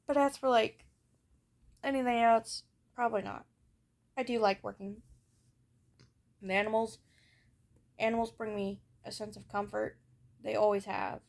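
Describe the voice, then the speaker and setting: A young vlogger with hiccups recounts her childhood candidly, drifting a bit and leaning on fillers. Her slightly high, somewhat mellow voice stays steady at a measured pace, with vocal fry and frequent pauses.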